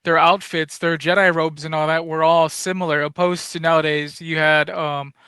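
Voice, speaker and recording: Male podcast host, slightly high, bright tone, laid-back and slangy. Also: level tone, normal speed, clear, resonant tone, no echo, clean studio sound. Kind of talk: casual chat.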